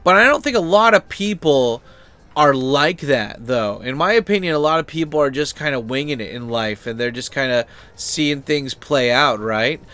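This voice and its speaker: A man's voice: medium pitch, animated, moderate pace, bright, forceful tone, smooth. A man hosting a channel, talking in a loose, rambling way with lots of fillers, restarts and swearing. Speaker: channel host. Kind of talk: casual opinion chat.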